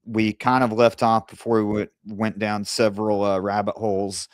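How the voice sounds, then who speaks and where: Low, smooth-voiced male interview host. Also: normal speed, dry recording, studio quality. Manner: calm, gently steering the guest. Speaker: true crime show host. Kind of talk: live interview.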